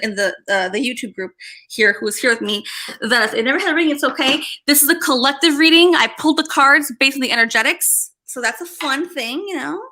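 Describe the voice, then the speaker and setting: A woman hosting a live collective tarot reading, excitable and rambling, who keeps checking in with her listeners. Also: high-pitched, reverberant, poor audio. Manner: excitable and rambling, with frequent "okay?" and "right?" check-ins. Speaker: tarot reader and livestream host.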